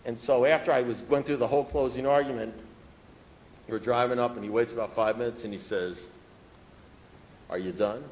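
A man's voice: medium pitch, fairly even intonation, brisk, a little mellow, a little hiss or hum, poor audio. A man telling his recovery story to an audience in a humorous, conversational way, repeating phrases for rhythm. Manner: humorous, self-mocking and conversational. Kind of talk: personal storytelling talk to an audience.

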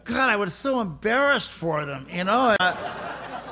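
A man's voice: high-pitched, sing-song, a little slow, bright, forceful tone. Blunt streetwise man telling his story. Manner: blunt, streetwise, laughing often. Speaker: speaker at a recovery meeting. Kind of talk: personal testimony to an audience.

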